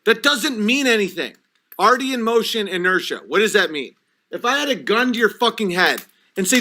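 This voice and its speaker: A livestream host reads chat comments aloud, then rants, swears, and argues back at them in an agitated way, saying he's had a few drinks. His high voice is brisk, lively in intonation, and pushed and bright.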